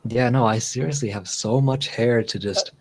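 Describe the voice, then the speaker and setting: A man's voice: medium pitch, normal speed, darkish tone, a little hiss or hum. A man hosting a casual livestream, chatting in a rambling way with easy laughs and repeated words. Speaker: livestream host. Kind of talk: casual chat.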